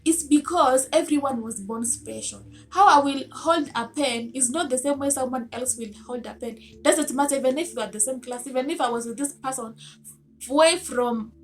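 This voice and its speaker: A woman's voice: high voice, moderate pace. A woman giving a motivational self-help talk to camera, earnest and coaxing, asking her listeners many rhetorical questions.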